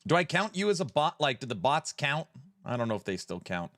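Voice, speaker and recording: A man's voice: medium pitch, very animated, a little fast, a bit bright, dry recording, clean studio sound. A man hosting a live stream in a playful, jokey way, greeting viewers by name as he reads the chat.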